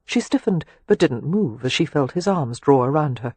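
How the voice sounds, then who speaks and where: Brief: male audiobook reader, soft breathy tone, dry studio sound. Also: fairly high pitch, expressive, moderate pace, hardly any pauses, dry recording. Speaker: audiobook narrator. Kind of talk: scripted narration.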